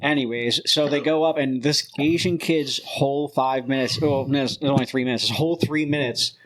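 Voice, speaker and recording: A man's voice: mid-range voice, fairly even intonation, normal speed, fairly bright tone. A man co-hosting a casual podcast, laid-back and laughing between lines. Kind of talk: casual chat.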